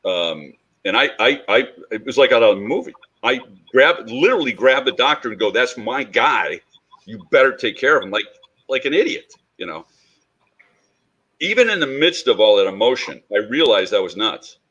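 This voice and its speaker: A man's voice: mid-range voice, normal speed, slightly rough, highs cut off. A middle-aged man, a police instructor on a panel, recounting a personal story and acting out the quoted dialogue. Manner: animated storyteller who acts out quoted dialogue.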